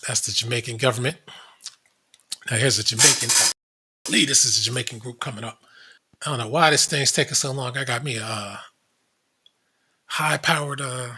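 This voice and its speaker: A man's voice: mid-range voice, normal speed, pauses often, sharp tone, slightly rough. A man hosting a commentary show, casually reading web pages aloud with blunt asides. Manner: blunt, reads aloud from screen, frequent asides.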